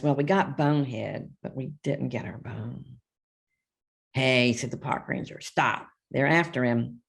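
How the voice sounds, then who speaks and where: An older woman reads her own children's picture book aloud to young listeners, stopping to chat and point things out on each page. Her voice sits very low and carries a strong gravelly fry. She slips into small voices for the characters while keeping the easy tone of a live reading. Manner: chatty, reads character lines with small voice shifts and asides.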